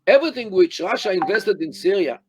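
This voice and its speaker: An older man talks as an interview guest over a video call. He speaks in a fairly high voice, stressing words deliberately and often restarting his phrases. The sound is close and dry, with no room echo. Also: animated, darkish tone, slightly rough. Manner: deliberate, emphatic, many restarts and fillers. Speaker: interview guest, Middle East scholar.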